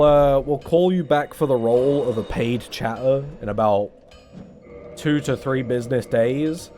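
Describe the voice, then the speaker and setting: A man's voice: medium pitch, measured pace, dark tone, faint music behind. Rambling, swearing young man streamer. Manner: rambling, self-mocking, swears a lot. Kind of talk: casual gameplay chat with stream chat.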